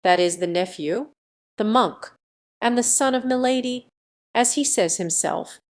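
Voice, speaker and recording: A woman voicing a cool but hot-tempered male musketeer in an audiobook, speaking in a sharp, impatient way. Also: a little high, unhurried. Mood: tense.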